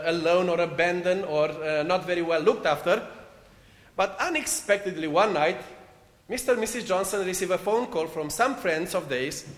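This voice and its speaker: Man, Romanian accent, high voice, sermon storytelling, deliberate phrasing, roomy hall echo. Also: a bit bright. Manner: deliberate, phrase-by-phrase delivery with non-native phrasing. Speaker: preacher leading a meditation. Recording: echoey hall with long reverb.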